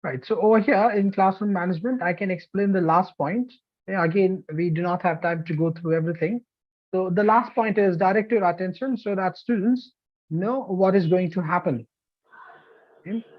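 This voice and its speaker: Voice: medium pitch, moderate pace. An instructor from India with an Indian English accent, teaching a live online demo lesson and often checking in with "okay?" and "you know". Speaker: TEFL course instructor. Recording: dull lo-fi online class audio.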